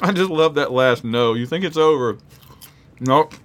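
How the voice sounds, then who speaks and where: On his casual sports podcast, the host eats spicy hot peppers and talks with his mouth full while chattily reading out supporter names at speed. He has a voice on the high side against a noisy background.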